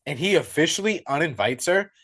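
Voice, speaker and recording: A young man co-hosting a podcast, retelling a horror film in an excitable, profane, casual way. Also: on the high side, fairly quick. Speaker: podcast co-host. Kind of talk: casual movie recap.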